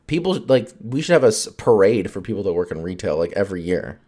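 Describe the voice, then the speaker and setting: A man with a very low, deep voice talks alone into a podcast mic, loose and unscripted. He rambles from thought to thought, leaning on "like", swearing freely and breaking into laughs. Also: very animated, fast, mellow. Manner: rambling, heavy on fillers, swears, laughs often. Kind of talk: casual solo podcast chat.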